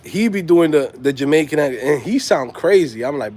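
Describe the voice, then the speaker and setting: A man's voice: on the high side, big pitch swings, moderate pace, darkish tone, breathy edge. A man in his thirties hosting a loose, slangy casual chat and laughing often. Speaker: host.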